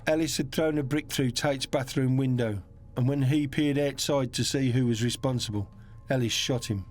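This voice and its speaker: Guy narrating a crime doc, serious and measured, faint music under it. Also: medium pitch, fairly even intonation. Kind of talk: scripted documentary narration.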